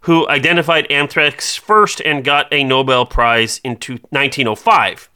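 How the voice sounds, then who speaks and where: A man co-hosting a casual podcast, reading out trivia notes with frequent fillers and pauses. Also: mid-range voice, fairly even intonation, sharp tone, clear, resonant tone. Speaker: podcast co-host.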